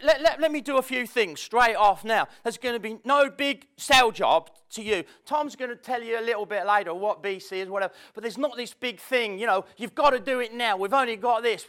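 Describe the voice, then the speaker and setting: A motivational speaker with an extremely high, somewhat bright voice talks a little fast, keeping things chatty and self-deprecating. He tells impromptu stories before a live audience in a seminar room, with laughter in the background.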